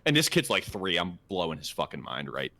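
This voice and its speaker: A man's voice: low voice, very animated, brisk, creaky, bright, forceful tone, no echo. A man in his twenties co-hosting a podcast, telling a casual story in a rambling, profane way with lots of fillers and restarts. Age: 20s. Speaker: podcast co-host.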